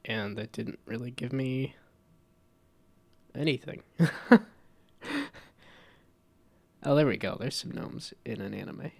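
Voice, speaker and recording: A man's voice: medium pitch, slow, vocal fry, pauses often, darkish tone. A man chatting casually on a live stream while he works, congested from a cold, rambling and self-deprecating with frequent laughs.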